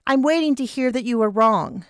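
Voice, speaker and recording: A woman's voice: a little high, lively intonation, moderate pace, clear, resonant tone, no room sound, studio quality, pitched above the performer's own voice, lightly acted. A woman voicing a hurt, sulky young woman who pouts and demands an apology in a storybook reading. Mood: demanding. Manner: pouting, demanding.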